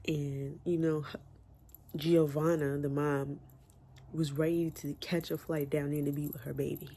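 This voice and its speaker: Man reviewing a book at home, mellow gravelly voice, chatty and open with his feelings. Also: on the high side. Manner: chatty, emotional, candid, with slang. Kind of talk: casual book review chat. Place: room at home with window open.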